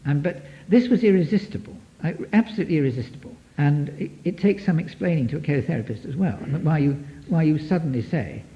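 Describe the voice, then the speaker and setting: Male therapist lecturer, animated and rambling, on a dull archive recording. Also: on the high side, quick pace, few pauses. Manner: lively, digressive, many restarts, taps out rhythms. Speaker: psychotherapist giving a lecture. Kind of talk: lecture to an audience.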